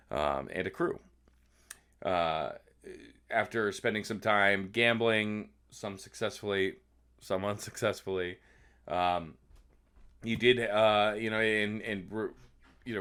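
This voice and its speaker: A man with a very low, deep voice runs a tabletop game as its game master. He recaps the story so far in a loose, halting way, pausing often on ums and uhs as he feels his way through the narration. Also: a bit bright, smooth.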